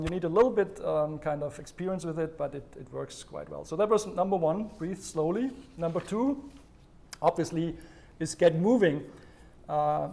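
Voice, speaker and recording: A man's voice: a little high, vocal fry, a little mellow. A man presenting a health livestream, explaining stress relief and talking listeners step by step through a breathing exercise. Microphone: livestream microphone.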